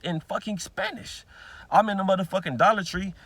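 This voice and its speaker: A man's voice: high voice, fairly quick, fairly bright tone. A man, ranting heatedly in a vlog, repeating himself and swearing constantly. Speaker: vlogger. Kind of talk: profane ranting monologue.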